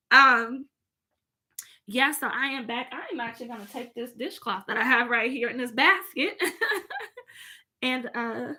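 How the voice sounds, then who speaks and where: A woman's voice: a little high, measured pace, pauses often, sharp tone. A woman, chatting casually from home straight to her viewers and reading out their comments. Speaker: vlogger.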